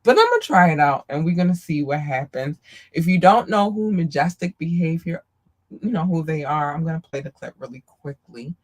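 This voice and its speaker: A woman's voice: low voice, fairly quick. Woman podcast host, gushing, affectionate, squealy greetings, casual. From Maryland, US. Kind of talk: casual live-stream shout-outs.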